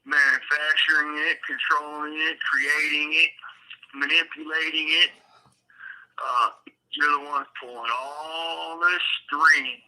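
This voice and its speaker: A man's voice: a little high, level tone, takes it slowly, bright, forceful tone. A man co-hosting a casual live-stream chat over a phone call from a prison cell, talking in fired-up slang and urging listeners on. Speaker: co-host.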